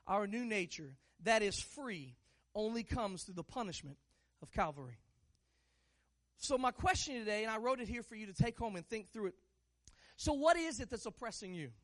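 A pastor preaching a sermon, moving from hushed asides to loud, drawn-out declarations and teasing the congregation with rhetorical questions. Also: mid-range voice. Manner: stretches key words slowly for emphasis.

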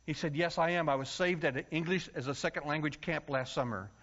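A man from the United States preaching a story-filled sermon, acting out voices and yelling for comic effect. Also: on the high side, brisk. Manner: animated, acts out voices and yells for comic effect. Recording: dull lo-fi sound.

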